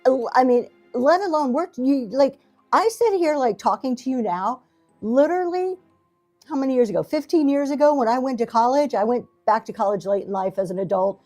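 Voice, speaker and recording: A middle-aged woman with a high-sitting, animated, darkish voice talks briskly on a casual livestream from her home basement, faint music playing behind her. A seller and talk show host, she speaks to the camera in front of her, rambling, self-deprecating and encouraging, full of fillers and restarts.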